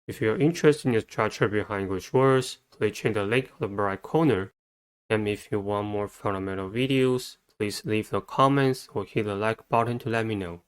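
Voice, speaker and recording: Smooth low-voiced man teaching spelling. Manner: slow, methodical spelling out of letters and sounds. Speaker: English vocabulary teacher. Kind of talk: scripted instructional narration.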